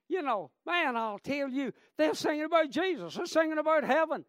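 High-voiced fervent male preacher. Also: animated, normal speed, a bit bright, no echo, studio quality. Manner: fervent, repetitive, calls out "Amen?" and "friend". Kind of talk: sermon.

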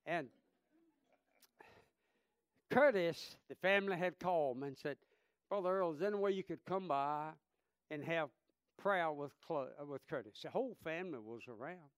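A man in his thirties, a pastor, preaching a sermon and telling stories, swinging between impassioned shouts and hushed tones. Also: a little high, a little fast, clear, resonant tone, dry recording, studio quality. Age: 30s.

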